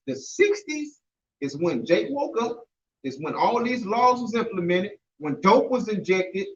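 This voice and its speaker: A man in a religious group discussion who talks emphatically, swears for emphasis and rises to near shouts. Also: sits high, animated, measured pace. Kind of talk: animated group talk on scripture. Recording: far, echoey, dull-sounding room mic.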